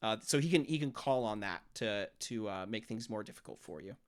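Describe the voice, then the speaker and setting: A man's voice: lowish voice, animated, a little fast. A man narrating a tabletop role-playing game as game master, explaining rules and acting out monster noises.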